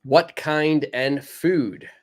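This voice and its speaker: A man's voice: a little high, drawn-out words, a little mellow. A man teaching a live online English lesson with a North American accent, patiently repeating phrases and encouraging his students.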